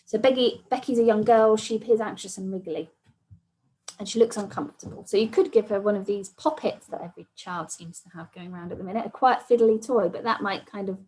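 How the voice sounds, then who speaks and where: A woman presenting an online training session, explaining patiently and often softening points with "sort of" and "kind of". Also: medium pitch, a little fast, a little hiss or hum, poor audio.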